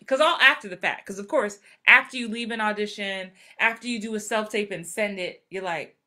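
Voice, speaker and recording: Acting coach, woman, 40s, bright and animated, live talk. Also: medium pitch, fairly quick. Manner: animated, acts out quoted voices. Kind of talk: live-streamed motivational talk.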